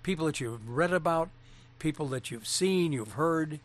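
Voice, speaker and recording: A man's voice: a little high, lively intonation, normal speed. A veteran broadcaster reminiscing earnestly about people he met during his career, in casual chat. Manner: reminiscing, earnest, with small restarts. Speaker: broadcaster and former TV interviewer.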